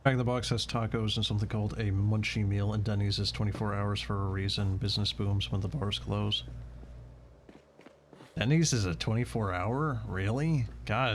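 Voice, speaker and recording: A man from Washington state casually chatting and swearing on a gameplay stream, often repeating words. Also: on the low side. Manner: profane, rambling, repeats words.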